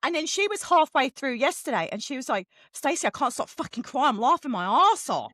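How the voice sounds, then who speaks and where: A woman co-hosting a casual book chat, swearing freely and telling animated stories. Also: sits high, brisk, no echo, clean studio sound. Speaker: podcast co-host.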